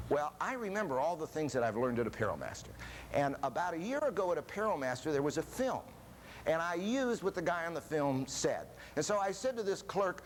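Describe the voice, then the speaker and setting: A man's voice: a little high, fairly quick, a little hiss or hum. An older man giving a seminar talk, telling jokey stories and asking the audience questions. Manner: animated storyteller, jokey, asks the audience questions. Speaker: seminar speaker. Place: seminar room before an audience.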